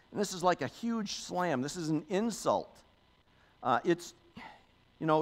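A man's voice: fairly high pitch, expressive, unhurried. A man, a pastor, giving a sermon in a conversational style, often adding "okay?" and "you know", and reading scripture aloud with emphasis.

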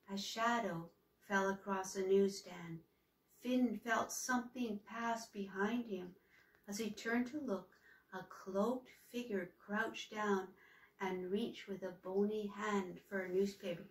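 A woman reading a children's storybook aloud in a slow, expressive way, in an echoey room heard from off-mic. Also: medium pitch, distant mic. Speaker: reader to children and dogs.

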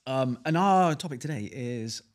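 A man's voice: mid-range voice, animated, normal speed. A man co-hosting a casual podcast in a studio, chatty and rambling, laughing often. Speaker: podcast co-host.

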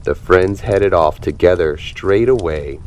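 A man reading a children's picture book aloud with expressive, animated storytelling. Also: low-pitched, a little slow. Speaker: storybook reader.

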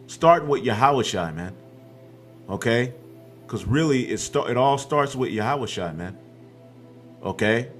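A man's voice: medium pitch, expressive, measured pace, long pauses. A man preaching a scripture-reading sermon, quoting verses aloud and tagging his points with "man" and "okay", with a faint hint of music behind.

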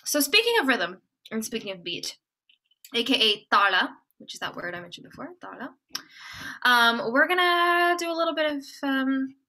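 A woman's voice: sits high, animated, normal speed, pushed and bright. A woman giving a casual music lecture over a video call, chatty and full of "like" and "um".

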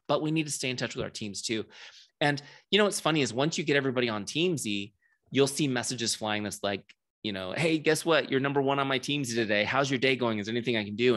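A man's voice: mid-range voice, a bit bright. A middle-aged man giving a casual, chatty training talk, often asking the group questions. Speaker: software founder and trainer.

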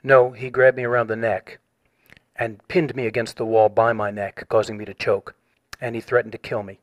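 A man's voice: medium pitch, little pitch movement. A man on a recorded phone call, formally reading out a written complaint and pressing his point. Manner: measured, formal, reads a written statement.

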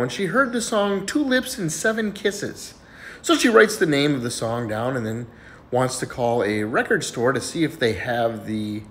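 A man casually telling a string of jokes in a relaxed storytelling way. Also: medium pitch, slight background noise. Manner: relaxed storytelling, lively delivery. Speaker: joke-telling video creator.

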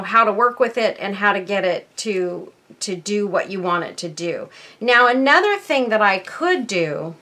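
A crafting channel host with a medium-pitched, slightly bright voice leads a casual tutorial at her workbench. She chats to viewers and thinks aloud as she works.

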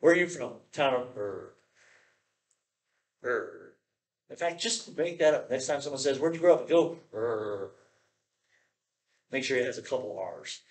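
A pastor preaching a sermon, animated and playful, often acting out the voices of the people in his stories. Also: medium pitch, brisk, hardly any pauses, echoey room.

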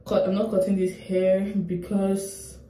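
A woman's voice: medium pitch, monotone, a little slow, warm tone, echoey room, a little hiss or hum. A young woman from Nigeria chatting to camera at home in a rambling, emotional way as a vlogger. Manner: rambling, emotional, talks straight to viewers. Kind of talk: casual chat to camera. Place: room at home.

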